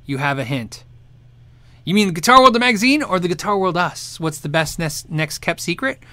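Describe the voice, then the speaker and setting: A man hosting a casual livestream, reading viewer questions and answering with lively, rambling chatter and frequent laughs. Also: high voice, moderate pace, dry recording. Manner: animated, laughs often, rambling restarts.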